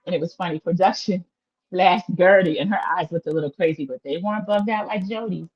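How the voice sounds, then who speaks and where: A woman's voice: lowish voice, brisk, darkish tone, slightly rough, highs cut off. A woman hosting a casual livestream recap of a reality show, chatty and opinionated, talking straight to her viewers.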